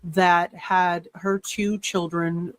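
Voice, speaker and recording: Guy with a high voice calmly laying out the backstory. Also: clean tone. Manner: measured, explanatory. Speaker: content creator in a played clip. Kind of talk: explanatory commentary.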